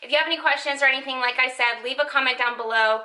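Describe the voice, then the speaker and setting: A woman's voice: high voice, rapid-fire, bright, forceful tone, poor audio. A young woman in a casual vlog chat, candid and chatty, full of "like" fillers. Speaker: vlogger.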